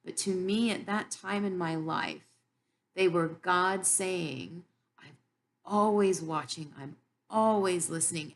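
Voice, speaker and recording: A woman giving an earnest, heartfelt Bible teaching about her own life, with frequent pauses. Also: fairly low pitch, a little hiss or hum. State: tearful. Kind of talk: personal devotional teaching.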